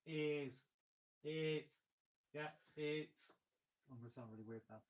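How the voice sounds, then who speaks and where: A man leading an online choir rehearsal, patiently breaking the lines into syllables and speaking each phrase slowly as an example. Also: on the high side, rough recording. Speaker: choir leader. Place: home, remote rehearsal. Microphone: video call.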